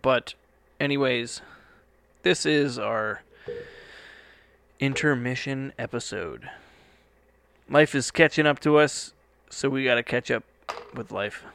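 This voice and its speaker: A man's voice: mid-range voice, slow pace, vocal fry, fairly bright tone, clear, resonant tone. A young man hosting a podcast from a studio, rambling casually and swearing now and then. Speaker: podcast host. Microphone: studio microphone.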